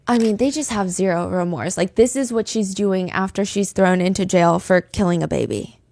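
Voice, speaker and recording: A woman's voice: mid-range voice, expressive, moderate pace, vocal fry, darkish tone, dry recording. A woman hosting a podcast, telling a true-crime story with blunt, sarcastic commentary into a close mic. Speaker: podcast host.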